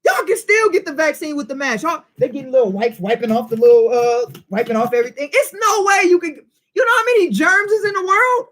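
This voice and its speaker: A man's voice: extremely high pitch, expressive, a little fast, fairly bright tone. A man teaching a Bible study in informal preaching style, emphatic and full of rhetorical questions and street slang.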